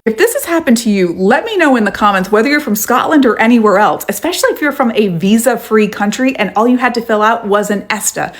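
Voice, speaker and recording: A woman's voice: a little high, expressive, fast, few pauses. A woman from the United States giving direct, indignant news commentary to camera, explaining things step by step.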